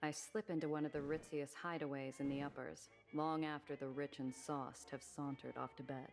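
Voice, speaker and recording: A woman streamer reading a game's narration while lowering her voice to play a tough woman smuggler. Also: fairly even intonation, normal speed, music in the background. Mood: wry. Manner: reading aloud in a lowered register.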